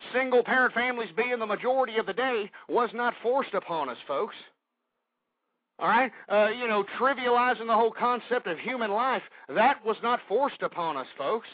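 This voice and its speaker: A man hosting a political talk radio show, ranting angrily, shouting at times and breathing hard, calling his listeners "folks". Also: high-pitched, no echo. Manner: angry, shouting, repeatedly addressing "folks". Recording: tinny phone-like lo-fi audio.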